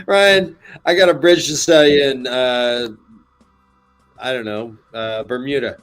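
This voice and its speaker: A man's voice: medium pitch, steady tone, takes it slowly, a bit bright, soft background music. A man co-hosting a casual podcast, joking around and teasing his friends. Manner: joking, slips into a raspy politician impression. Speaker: podcast co-host. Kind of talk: casual banter with put-on impressions.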